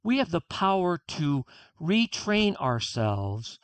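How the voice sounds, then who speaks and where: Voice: mid-range voice, sing-song, slow, smooth, no echo. A guest author on a podcast interview, talking earnestly and reflectively and acting out inner dialogue.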